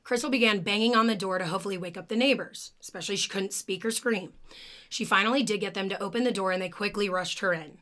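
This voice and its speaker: A woman's voice: mid-range voice, fast, fairly bright tone. A young woman recounts a true crime case on a podcast in a loose, conversational way. Her speech is full of "like," the odd swear word and open emotion about the story.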